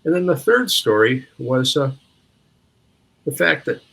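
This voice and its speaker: Husky older man telling stories haltingly. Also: medium pitch, big pitch swings, a bit bright, poor audio. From Minneapolis, USA. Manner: halting, searching for words with frequent restarts. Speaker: interview guest. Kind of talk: reflective storytelling.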